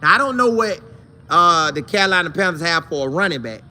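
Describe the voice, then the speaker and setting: Animated bright-voiced man talking football. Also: fairly high pitch, fairly quick. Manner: animated, slangy, talks straight to viewers as "y'all". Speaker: sports show host. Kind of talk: casual football talk show.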